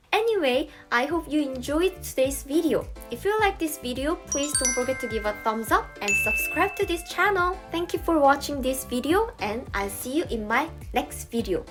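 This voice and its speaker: A young Korean woman with a Korean accent, teaching a casual language lesson and playfully acting out short examples. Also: high voice.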